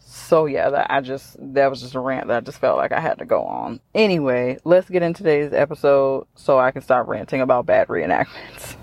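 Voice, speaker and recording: A woman's voice: rumbling low, big pitch swings, a little fast, gravelly, few pauses, loud music behind the voice. A woman in her thirties hosting her own podcast, talking in a chatty, ranting way with dry sarcasm. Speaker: podcast host. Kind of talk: casual solo podcast chat.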